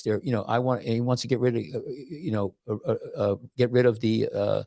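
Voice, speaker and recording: A man with a gravelly, creaky voice hosts a casual podcast. He rambles, restarts and repeats his words, and slips into animated voices when he tells a story. The sound is dry and close, with no room around it. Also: medium pitch, fairly quick, few pauses, no room sound. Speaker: podcast host and doctor.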